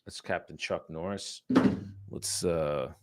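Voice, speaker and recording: Brief: low, gravelly-voiced New man rambling to viewers, dry close sound. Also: takes it slowly, no echo. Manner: casual, rambling, talks to viewers between calls. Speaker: real estate agent. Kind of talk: casual livestream chat while cold calling. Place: his home studio.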